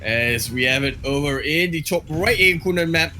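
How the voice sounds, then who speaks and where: A man voicing a brash male announcer with a put-on Australian accent, giving a loud, hyped player introduction. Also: on the high side, normal speed.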